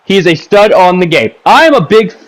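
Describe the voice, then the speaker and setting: A man giving casual, ranting commentary over his own gameplay footage, seated at a home setup, repeating himself and punctuating plays with "boom". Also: lively intonation, moderate pace, poor audio. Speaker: gaming commentator.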